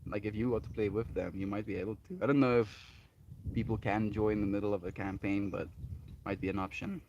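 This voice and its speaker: A man's voice: fairly low pitch, a little fast, a little mellow, a little hiss or hum. A South African man streaming live, telling a heartfelt personal story and chatting earnestly with viewers as he reads their comments. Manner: earnest, heartfelt, often asks "right?". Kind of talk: casual livestream chat reading viewer comments.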